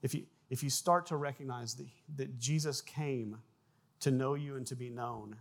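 A man preaching a sermon, animated, with frequent repeated words and acted-out sound effects in his stories. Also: medium pitch, normal speed, creaky. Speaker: pastor.

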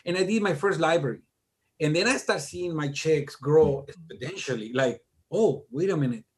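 A middle-aged man chats as an interview guest with a slightly high, lively voice. He tells his stories with animated, self-mocking humor and laughs at himself along the way. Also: normal speed. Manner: animated, self-deprecating joker. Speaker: guest music producer. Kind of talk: casual interview storytelling.

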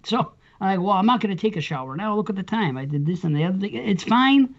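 A man's voice: sits high, quick pace. A middle-aged man telling a long, profane story in casual podcast chat. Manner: rambling, profane, animated storyteller. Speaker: podcast co-host. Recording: dull lo-fi sound.

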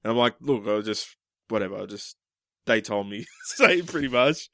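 A man's voice: lowish voice, lively intonation, brisk, a bit bright, dry recording. A man chatting on a podcast, telling stories in a rambling way and laughing often. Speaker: podcast co-host. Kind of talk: casual chat.

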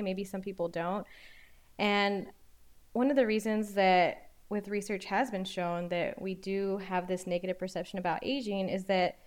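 A woman in her late twenties co-hosting a casual discussion. She explains each point in a measured, steady way. Her pitch sits in an ordinary middle range. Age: late 20s. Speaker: podcast co-host.

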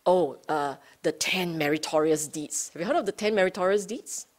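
A woman teaching Buddhist Dhamma to a study group, unhurried, rephrasing her points and often checking in with her listeners. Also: on the low side. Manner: rephrases and repeats points for emphasis.

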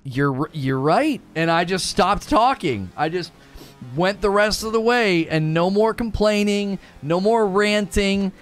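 A man in his thirties casually telling stories to his stream, animated and self-mocking, laughing often. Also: high voice, a little slow, faint music behind. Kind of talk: casual storytelling to a live stream.

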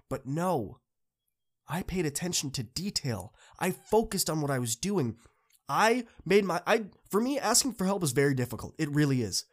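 A man's voice: a little high, sing-song, moderate pace. Earnest man with a drawl. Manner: earnest, encouraging, builds to emphatic peaks. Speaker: podcast host. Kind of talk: motivational monologue to students.

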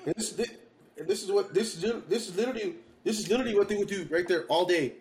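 A man's voice: high-pitched, fast talker. A man, co-hosting a casual group chat, teasing a friend and acting out what he said. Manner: animated teasing, laughs while talking, acts out quotes. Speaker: podcast co-host. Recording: faint background noise.

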